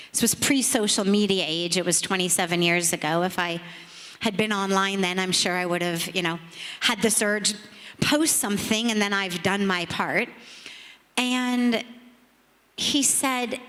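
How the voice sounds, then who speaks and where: A middle-aged woman, a spiritual teacher, telling a reflective story to an audience in a measured, earnest, emphatic way. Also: mid-range voice, fairly bright tone. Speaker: spiritual teacher speaking on a panel. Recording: long reverb of a large hall.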